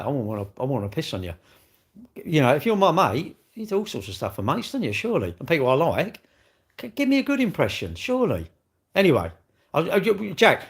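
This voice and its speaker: A man hosting a casual livestream, talking in an exasperated, rambling way and repeatedly calling the viewer "mate". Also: a little high. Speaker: livestream host.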